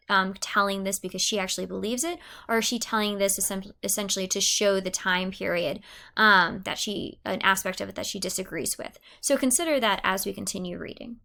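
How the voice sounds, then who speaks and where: Gravelly woman teaching literature. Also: mid-range voice, bright, forceful tone. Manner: explanatory, posing questions to students. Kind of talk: literature lesson with read-aloud.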